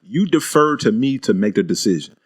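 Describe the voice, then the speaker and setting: A young man co-hosting a podcast in easygoing chat, agreeing and reasoning things through calmly. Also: medium pitch, a little fast, husky. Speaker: podcast co-host. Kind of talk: casual chat.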